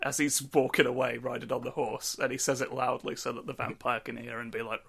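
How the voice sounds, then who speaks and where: A man's voice: mid-range voice, level tone, fairly quick, creaky, fairly bright tone, slightly rough. A man telling a rambling, joking story in a casual podcast chat. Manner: rambling, jokey storytelling with acted quotes. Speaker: podcast co-host. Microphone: studio microphone.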